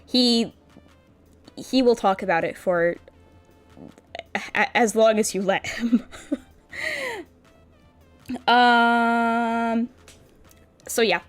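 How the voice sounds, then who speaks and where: A woman's voice: on the high side, steady tone, very slow, pauses often, clean tone. Bubbly, cutesy woman streamer. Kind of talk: casual stream chat. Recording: faint background music.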